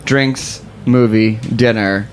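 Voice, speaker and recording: A man co-hosting a podcast in casual chat, loose and halting with many fillers. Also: on the low side, steady tone, a little hiss or hum. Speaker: podcast co-host.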